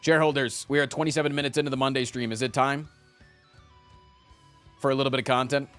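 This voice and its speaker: A man streaming live who chats casually with his viewers, rambling and animated, often tacking "man" onto his sentences. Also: medium pitch, fast, faint music behind.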